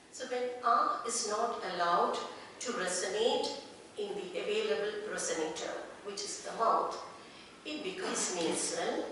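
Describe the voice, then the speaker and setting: Woman, voice coach lecturing; distant mic, big reverberant hall, noisy. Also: medium pitch. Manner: explains step by step, asks the audience questions. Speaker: guest speaker, voice trainer. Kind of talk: lecture with demonstrations. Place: large echoey meeting hall. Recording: echoey hall from far off, steady noise.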